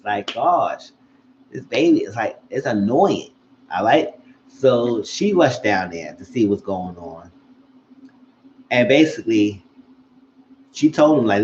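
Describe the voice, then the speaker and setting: A man casually recapping a TV episode, animated and acting out what the characters said. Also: lowish voice, unhurried, pauses often, dull audio, a little hiss or hum. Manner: animated, acts out characters' lines. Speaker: show recap vlogger.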